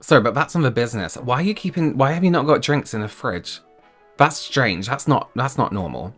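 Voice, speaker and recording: An English man hosting a reaction video, chatting casually with quick asides and laughing at himself. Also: medium pitch, animated, soft background music. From England.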